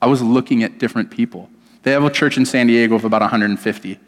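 A man's voice: mid-range voice, fast talker. Man preaching in a reverberant church hall. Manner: storytelling, animated, self-deprecating. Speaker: pastor. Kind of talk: sermon.

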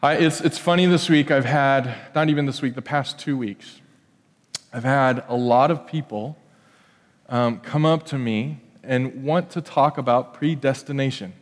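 A man's voice: medium pitch, a little slow. A man pastor preaching a casual, joking sermon full of restarts and asides. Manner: conversational, joking, animated with many restarts. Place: church sanctuary. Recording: church hall with long reverb.

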